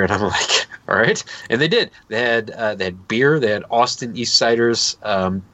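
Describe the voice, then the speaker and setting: This thirties-aged man co-hosts a podcast, talking at a quick pace with few pauses in a medium pitch, recorded dry. He spins a long, rambling, animated anecdote during a casual chat, laughing and doing quoted voices.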